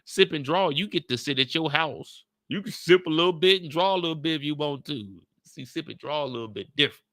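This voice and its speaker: Casting: slangy laid-back male host, gravel in the voice, dry close sound. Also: on the high side, a little fast, pushed and bright, no echo. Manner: laid-back, slangy, repeats his points. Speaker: YouTube show host. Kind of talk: casual recap chat.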